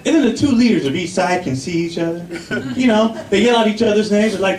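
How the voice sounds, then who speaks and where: A man performing a live stand-up set on a comedy club stage, telling stories loudly and acting out voices into a handheld mic. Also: sits high, fast talker. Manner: loud, animated storytelling with acted-out voices. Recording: live club crowd and noise.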